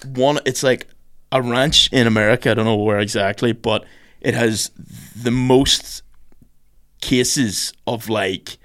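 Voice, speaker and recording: A man's voice: mid-range voice, takes it slowly. A man, hosting a podcast in casual chat, telling stories with lots of swearing. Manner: swears a lot, animated storytelling. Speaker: podcast host.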